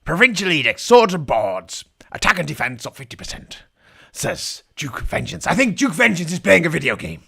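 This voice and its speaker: With a high-ish, sing-song voice that's creaky, bright, forceful, and husky, a man offers irreverent live commentary at a moderate pace. He puts on a mock pirate voice and slips in growling asides between jokes. Faint broadcast-feed music sits in the background.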